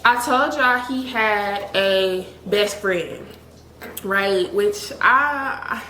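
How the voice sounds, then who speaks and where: A woman's voice: medium pitch, drawn-out words, bright, forceful tone, a little hiss or hum. A young adult woman telling a candid storytime, blunt and chatty, with frequent "like". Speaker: vlogger. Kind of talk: storytime vlog. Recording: echoey room.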